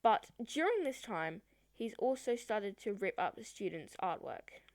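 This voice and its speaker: A woman's voice: medium pitch, big pitch swings, a little slow, no echo, clean studio sound. A woman vlogger telling a personal story in a chatty, rambling way, with many fillers. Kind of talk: storytime vlog.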